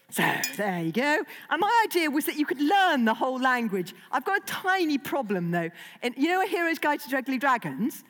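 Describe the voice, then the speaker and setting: A woman's voice: sits high, very animated, brisk, hardly any pauses, a bit bright. A woman children's author talking playfully to a young audience, asking them questions and reading aloud. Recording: long hall reverb.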